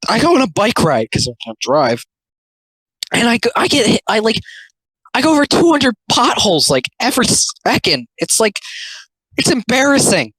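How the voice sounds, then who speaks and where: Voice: medium pitch, huge pitch swings, moderate pace, a bit bright, breathy edge, no echo, poor audio. A speaker giving casual, rambling, sarcastic commentary on comics, full of filler words. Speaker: commentary host.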